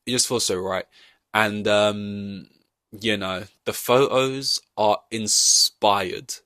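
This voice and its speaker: A young man talks on his podcast in a low, easy voice, wandering through long-winded comparisons and joking at his own expense. The sound is dry and close, with no room around it. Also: steady tone, slow pace, pushed and bright, dry recording. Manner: rambling, long-winded, self-mocking. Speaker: podcast host. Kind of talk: casual chat.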